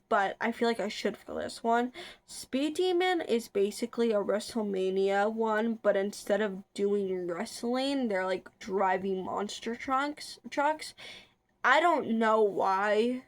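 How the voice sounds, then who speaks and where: A young woman chatting casually for her vlog, rambling with lots of filler words and restarts. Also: a little high. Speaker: vlogger. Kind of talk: casual chat.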